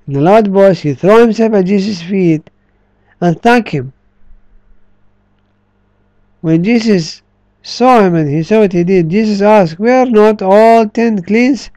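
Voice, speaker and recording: A man preaching a sermon, slow and emphatic, drawing out key words. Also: sits high, mellow, no room sound, rough recording.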